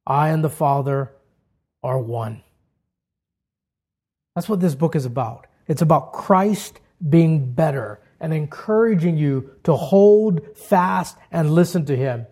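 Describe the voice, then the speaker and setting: Male pastor, slightly high voice, sermon delivery with strong swells and hushed drops. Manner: builds to loud, high emphatic peaks, then drops to hushed, slow lines.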